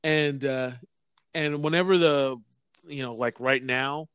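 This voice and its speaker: Smooth-voiced man telling a rambling story. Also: mid-range voice, fairly even intonation, takes it slowly, fairly bright tone, no echo. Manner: rambling, full of fillers and restarts. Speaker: podcast co-host. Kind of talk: casual chat, storytelling.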